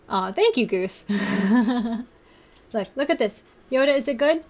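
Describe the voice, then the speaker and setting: A woman's voice: on the high side, animated, a little slow. A young woman livestreaming, chatting with viewers and talking baby talk to her cat. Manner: playful baby talk to a pet. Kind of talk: casual chat with chat and her cat.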